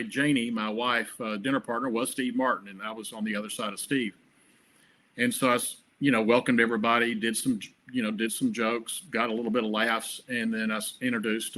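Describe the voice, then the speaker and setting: A man's voice: mid-range voice, bright, forceful tone. A man being interviewed as a guest, telling chatty, rambling anecdotes full of restarts. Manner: chatty, filler-heavy with repeated restarts. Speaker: guest, comedy award producer.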